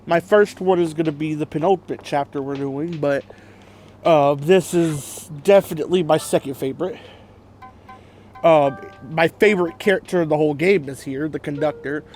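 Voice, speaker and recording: A man casually hosting a game let's play, chatty and enthusiastic. His voice sits a little on the high side. Faint game music runs underneath. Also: normal speed, darkish tone. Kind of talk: casual gameplay commentary.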